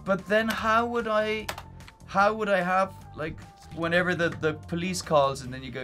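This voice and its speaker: A man with an Irish-tinged accent chatting excitedly while livestreaming a game, breaking into loud cheers and chants. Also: high voice, unhurried, faint music behind. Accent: Irish-tinged English. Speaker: streamer. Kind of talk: gaming livestream chat.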